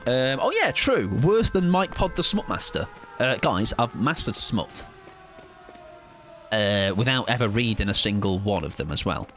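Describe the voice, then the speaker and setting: A man's voice: on the low side, big pitch swings, a little slow, a bit bright, soft background music. A man, chatting casually with viewers as a game streamer in a playful, rambling, self-mocking way.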